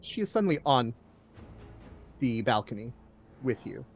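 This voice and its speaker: A man narrating a tabletop game as game master in a hushed, suspenseful way. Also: mid-range voice, big pitch swings, moderate pace, breathy edge, soft background music.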